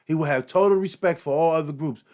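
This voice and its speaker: A man's voice: on the high side, quick pace, warm tone. A man hosting a reaction commentary, talking emphatically with frequent repeats, fillers and swearing. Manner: emphatic, repetitive, profane, fillers. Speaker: host.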